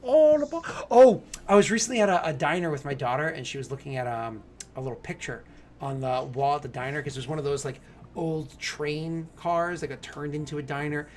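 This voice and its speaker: A man running a tabletop game in a casual, animated way, laughing often and using many fillers. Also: on the high side, brisk, a little hiss or hum. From New England. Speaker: game master.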